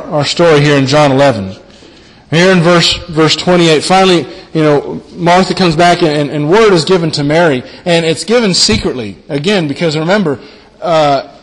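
A man preaching a sermon in a fairly high voice, earnest and often repeating his words. He slows down and falls soft on key phrases, and his voice rings with the long reverb of a large hall. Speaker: pastor. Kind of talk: sermon on a Bible passage.

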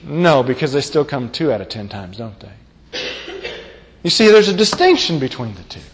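A man's voice: mid-range voice, very animated, moderate pace, a little hiss or hum. A man preaching a sermon, emphatic, who repeats key phrases and asks the listeners rhetorical questions. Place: church meeting hall. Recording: long reverb of a large hall.

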